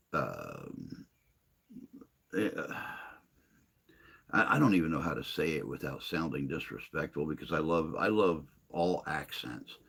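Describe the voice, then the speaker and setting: A man hosting a casual livestream chat, answering viewer comments in a rambling, hesitant way with long pauses. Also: very deep voice, gravelly, a bit bright, husky. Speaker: livestream host.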